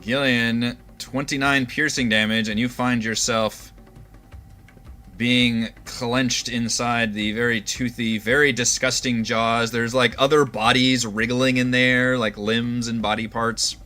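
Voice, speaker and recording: Bright-voiced man running a tabletop game. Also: mid-range voice, a little slow. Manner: relaxed, laughing often. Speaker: dungeon master.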